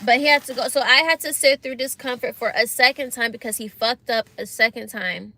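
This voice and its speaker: Bright-voiced young woman venting to camera. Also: on the high side, fairly quick, a little hiss or hum. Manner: animated and exasperated, slangy, talks straight to viewers. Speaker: vlogger. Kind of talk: casual storytime vlog.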